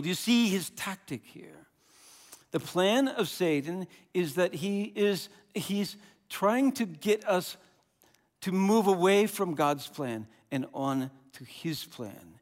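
A man preaching a sermon as pastor, animated and conversational, often restarting and repeating words. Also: sits high, takes it slowly. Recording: long hall reverb.

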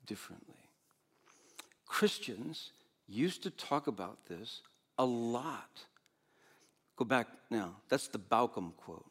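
Animated older male pastor preaching. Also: medium pitch. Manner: animated, swings between loud exclamations and soft asides. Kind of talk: sermon.

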